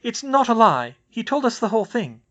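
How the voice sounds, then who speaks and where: A man voicing Hermione, a clever and anxious teenage witch girl, raising his voice higher and speaking quickly and earnestly in a fan audiobook reading. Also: big pitch swings, a bit bright, highs cut off, exaggerated voice. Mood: shaky.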